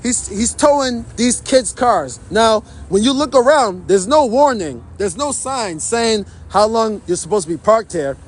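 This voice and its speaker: A man's voice: sits high, lively intonation, unhurried, hardly any pauses. A man livestreaming outdoors from his phone, indignantly commenting to his chat in a repetitive way.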